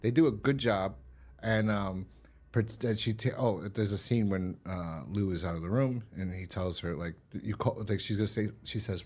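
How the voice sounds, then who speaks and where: Low-voiced man rambling through a review. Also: normal speed, a little mellow. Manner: rambling, profane, acts out quotes in a higher voice. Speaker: podcast host. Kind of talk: casual review chat.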